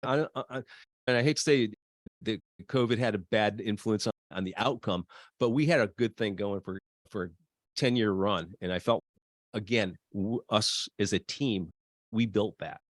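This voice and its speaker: A man appearing as a guest on a business podcast, telling stories with pride and enthusiasm and quick bursts of speech. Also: lowish voice, no room sound, studio quality.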